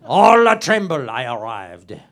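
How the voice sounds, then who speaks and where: Guy doing a sleazy french marquis, fake thick accent, broken english, hammy dramatic reading with big swoopy pitch. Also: sing-song, unhurried, a bit bright. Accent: put-on French accent. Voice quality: broken English, florid and lip-smacking. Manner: reads aloud theatrically, switching to a high pleading voice for the victim. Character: lecherous, pompous French nobleman, older man. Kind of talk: improvised comedy podcast character.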